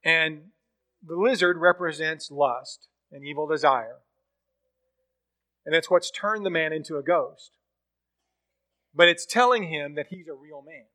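A man's voice: a little high, unhurried, pauses often, bright, forceful tone. A man preaching a sermon, telling a story and acting out its dialogue. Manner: storytelling, acts out quoted dialogue.

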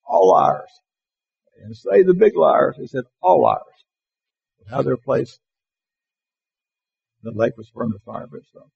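A man teaching a Bible class, reading verses slowly and with emphasis and putting questions to his listeners. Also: medium pitch, animated, vocal fry, breathy edge, highs cut off. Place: classroom or church hall with slides.

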